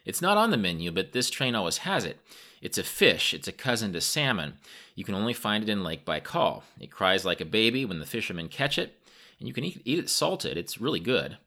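A man's voice: fairly low pitch, big pitch swings, a little fast, sharp tone, exaggerated voice. A man voicing a confident, dismissive young Russian businessman who talks in a cocky, teasing way.

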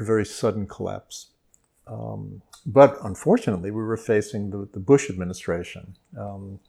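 A man with a New Orleans accent, speaking as an interview guest in a thoughtful, measured way with frequent pauses and ums. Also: fairly low pitch, gravelly, dark tone. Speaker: guest expert. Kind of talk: interview conversation.

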